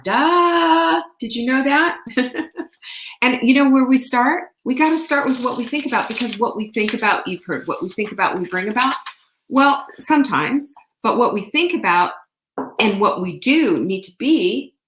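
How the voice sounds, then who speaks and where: A woman hosting a casual motivational talk, telling a story in an animated way and acting out quotes. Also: a little high, moderate pace, roomy sound. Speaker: host.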